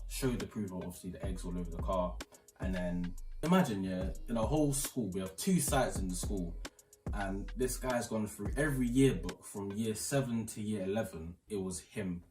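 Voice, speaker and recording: Young British guy, a low voice, lively storyteller, sits back from the mic, some faint music underneath. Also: echoey room, far from the mic. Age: young adult. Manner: rambling and animated, retelling the story with quotes. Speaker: channel host. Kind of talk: casual storytelling chat. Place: front room at home.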